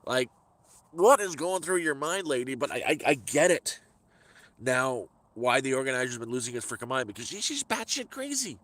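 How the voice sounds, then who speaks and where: A man's voice: mid-range voice, very animated, normal speed, a bit bright. Exasperated man ranting into his phone. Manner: exasperated, ranting, repeats words. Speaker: vlogger. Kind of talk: casual storytelling vlog. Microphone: phone held by hand.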